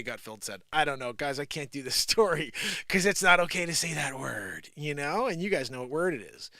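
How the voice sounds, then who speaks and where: A man's voice: a little high, lively intonation, moderate pace, sharp tone, no echo, studio quality. A man hosting a live show, riffing on news stories with giggles and rambling asides. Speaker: live comedy show host. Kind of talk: improvised comedy news riff.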